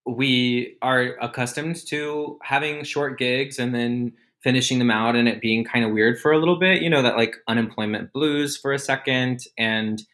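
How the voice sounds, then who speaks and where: A man's voice: medium pitch, moderate pace, hardly any pauses, a bit bright. Easygoing, self-deprecating man guest. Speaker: podcast guest. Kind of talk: casual interview chat.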